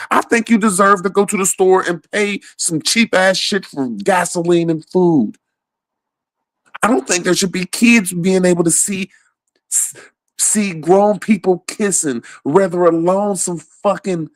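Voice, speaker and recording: A man's voice: high-pitched, no echo. A man ranting casually about politics, swearing a lot and laughing often between points. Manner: profane, rambling, laughs often.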